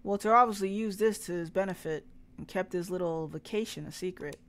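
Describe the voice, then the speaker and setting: A woman voicing a calm small-town male sheriff in a story game, with a slow put-on drawl. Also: lowish voice.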